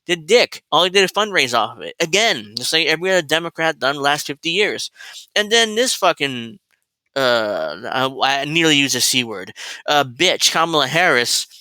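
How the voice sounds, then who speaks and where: A man's voice: a little high, sing-song, normal speed, pushed and bright, dry recording, poor audio. A man delivering a heated, profane political rant as a commentator, repeating himself as he vents.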